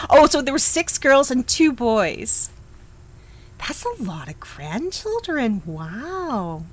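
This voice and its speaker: On a rough recording, a middle-aged woman with a lowish voice runs a live knitting stream. She chats casually and laughs a lot as she responds to viewers, often restarting her sentences.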